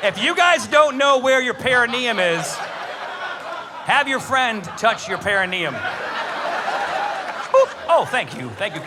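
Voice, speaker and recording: A man doing a stand-up comedy set, telling a story with lots of swearing and animated delivery. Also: extremely high pitch, measured pace, long pauses, heavy background noise. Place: comedy club stage.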